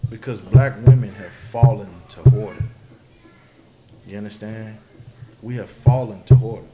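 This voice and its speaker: A man's voice: fairly low pitch, steady tone, normal speed, a crowd in the background. A man leading a scripture study, preaching emphatically and often asking his listeners if they understand. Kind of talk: preaching to a group. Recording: roomy, noisy recording.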